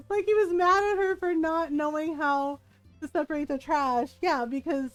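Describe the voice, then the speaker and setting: Her voice sits high and stays steady at a measured pace as she chats through a game stream. The recording is dry, soft music plays underneath, and she laughs often between rambling comments.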